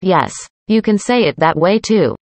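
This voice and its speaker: Woman, scripted practice dialogue, careful clear delivery, slightly low pitch, dry recording. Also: lively intonation, unhurried, a little mellow, dry recording. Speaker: dialogue reader.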